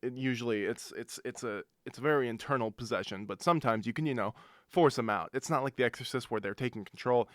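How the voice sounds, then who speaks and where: A man's voice: medium pitch, fast talker, dry recording. A young man hosting a college radio show, rambling and interrupting himself with jokes, talking into a studio microphone. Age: young adult. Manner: rambling, self-interrupting, joking. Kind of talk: casual radio chat.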